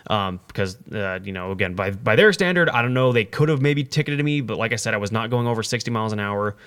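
A young man telling a story in casual chat, rambling and animated. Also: fairly low pitch, quick pace, clean tone. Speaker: podcast co-host telling a story.

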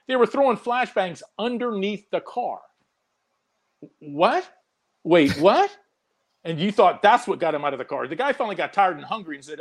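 A man's voice: high voice, normal speed. A man, a police corporal on a panel show, ranting in exasperated, scornful casual chat about a scene he watched. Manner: exasperated, scornful, animated storytelling.

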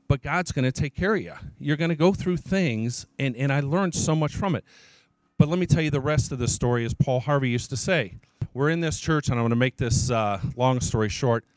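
A man's voice: medium pitch, dry recording. A man, a church elder, preaching his testimony as an emphatic storyteller who repeats his key phrases.

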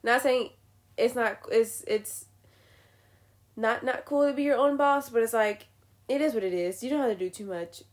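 A woman's voice: a little high, moderate pace, long pauses. A young woman giving blunt, profane opinions in a casual rant to the camera. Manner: blunt, swearing, animated ranting. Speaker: vlogger.

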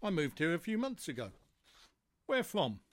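A man's voice: on the high side, very animated, moderate pace, a bit bright, no room sound, pitched above the performer's own voice. A man voicing a small, fussy and nervous boy insect in a storybook.

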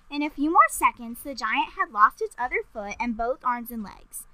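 A woman reads a children's adventure story aloud with lively expression. Her voice is very bright and sits a little high. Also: normal speed, hardly any pauses, no room sound, rough recording.

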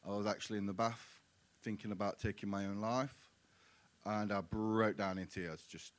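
A man giving his personal testimony in church, earnest and halting. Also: lowish voice, fairly even intonation. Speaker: guest sharing his testimony. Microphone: handheld mic.

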